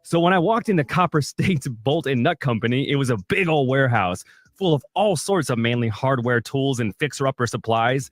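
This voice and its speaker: Deadpan man telling a punny story. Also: medium pitch, a little fast, dry recording, clean studio sound. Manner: deadpan punny storyteller who acts out the voices in his tale. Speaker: podcast co-host. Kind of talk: comic storytelling, reading a funny review.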